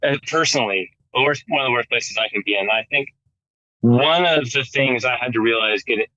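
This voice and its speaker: A man's voice: mid-range voice, a little fast, pushed and bright, dry recording, highs cut off. A man in his thirties with an American accent, a guitarist talking casually in an interview, full of "like" and restarts. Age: 30s. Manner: rambling, lots of "like" and restarts. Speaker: guest guitarist. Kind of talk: casual conversation.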